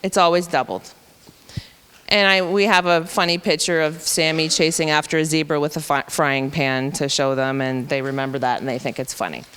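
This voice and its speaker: A woman's voice: low voice, steady tone, moderate pace, a bit bright, smooth, big-room sound. A woman teacher patiently explaining reading rules to educators, step by step.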